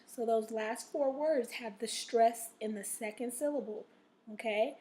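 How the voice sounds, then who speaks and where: A woman teacher with a fairly high voice reads and explains a phonics lesson. Her voice is a little rough and she coughs now and then. She checks in constantly and stretches out the vocabulary words slowly. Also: warm tone. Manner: checks in with "okay?" after nearly every sentence; slow, drawn-out stress on vocabulary words. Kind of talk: recorded reading lesson.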